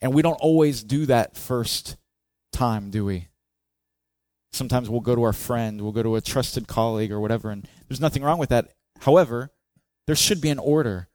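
A man's voice: mid-range voice, moderate pace, dry recording. A male pastor preaching a sermon in a conversational way, asking the congregation questions and acting out cries in a raised voice. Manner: expressive, acts out the psalmist's cries with raised voice.

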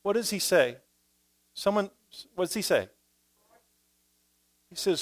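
A man preaching a sermon in church, swinging between quiet, low asides and loud, emphatic passages, speaking into a stage microphone. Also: animated, slow. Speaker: pastor.

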